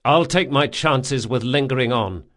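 A man voicing a wily, stubborn young male thief with quick, wry retorts in an audiobook. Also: mid-range voice, fairly bright tone, lightly acted. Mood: defiant wry. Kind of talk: audiobook character voice.

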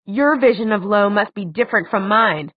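A woman's voice: medium pitch, moderate pace, no echo, natural voice. Woman reading an anxious, strained young man. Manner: tense and strained. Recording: tinny phone-like dry sound.

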